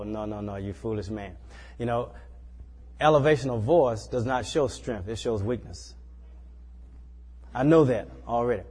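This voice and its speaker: A man with a husky, slightly breathy voice delivers a sermon in a folksy, conversational way, often tossing in "you know" and "you see." His voice carries a long hall reverb, as if heard through a church sanctuary. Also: mid-range voice, a little mellow. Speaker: preacher. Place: small church.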